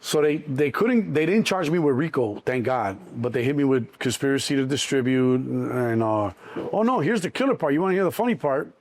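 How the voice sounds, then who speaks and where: A middle-aged man from Chicago, a guest in an interview, telling his story in an animated way and acting out the people in it. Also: mid-range voice, brisk. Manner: animated, acts out cops and himself in quotes.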